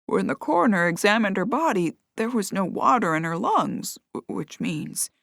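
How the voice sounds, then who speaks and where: A woman voicing a gentle, somewhat hesitant man breaking bad news in an audiobook. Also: medium pitch, lively intonation, normal speed, gravelly, no room sound, clean studio sound.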